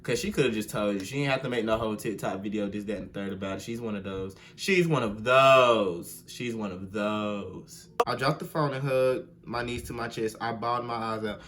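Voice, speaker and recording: A man's voice: on the low side, fairly quick, few pauses, a little hiss or hum. Slangy young man reading fan fiction aloud. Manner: slangy, animated, mock-outraged, bursts into sing-song. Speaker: video host. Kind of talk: comedic reading with commentary.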